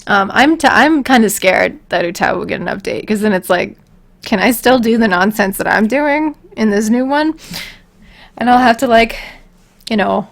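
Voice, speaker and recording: A woman's voice: on the high side, expressive, normal speed, creaky. A woman on a casual livestream, answering viewer questions in a rambling, giggly, self-deprecating way.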